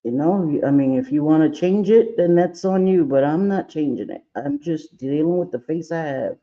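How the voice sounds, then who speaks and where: Brief: man, makeup livestream host, chatty and playful, fairly high, mellow, muffled lo-fi audio. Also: moderate pace. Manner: chatty, playful, scolds his own eye and brush aloud. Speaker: makeup vlogger. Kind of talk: casual makeup tutorial livestream.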